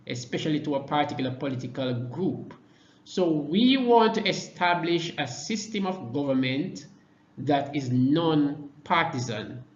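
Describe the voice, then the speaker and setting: A man from Jamaica giving a political presentation to supporters, measured and emphatic, stressing key words with deliberate pauses. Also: on the high side. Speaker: party vice president speaking to supporters. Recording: echoey, dull lo-fi sound.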